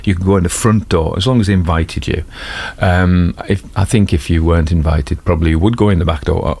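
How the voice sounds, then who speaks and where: A man from North East England with a Geordie accent, an audiobook narrator, speaks in a low, creaky voice. He talks casually about a detective series, rambling and self-deprecating, with plenty of fillers and asides.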